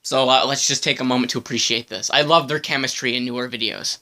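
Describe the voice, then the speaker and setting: A man's voice: mid-range voice, steady tone, fast, sharp tone. A man giving casual reaction commentary on a video, stammering, giggling and apologizing as he talks.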